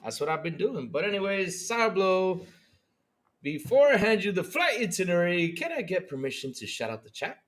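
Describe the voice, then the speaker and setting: A man co-hosting a gaming podcast, chatting casually with friends. His voice sits a little high and swings all over the place, and he stumbles into quick repeats when he gets excited. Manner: excitable, laughing, stammering repeats. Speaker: podcast co-host. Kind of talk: casual chat.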